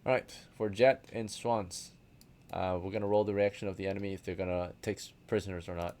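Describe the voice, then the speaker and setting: A man's voice: deep voice, steady tone, a little fast, a little mellow, a little hiss or hum. A man running a tabletop game as game master, casual and often checking in with the players.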